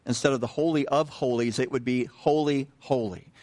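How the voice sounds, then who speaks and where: A man preaching a sermon in a conversational way, pausing with fillers and restarting his sentences, and asking the listeners questions. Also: mid-range voice, steady tone, a little mellow. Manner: unhurried, repeats himself with many fillers and restarts; conversational, asks the congregation questions. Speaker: pastor.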